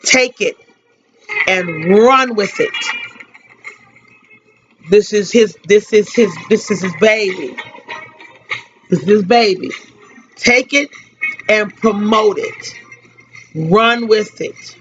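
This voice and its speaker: Grieving slow-spoken woman on radio. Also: medium pitch, a bit bright. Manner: grieving, halting, repeats phrases. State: tearful. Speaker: radio host giving a tribute. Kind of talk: emotional spoken tribute. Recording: dull lo-fi radio recording.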